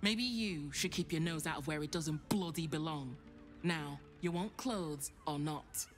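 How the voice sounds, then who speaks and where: A woman's voice: deep voice, extremely slow. An actress voicing a brusque woman tailor who runs her own shop, curses casually and bristles at prying, over faint game music. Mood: snappish. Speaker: shopkeeper.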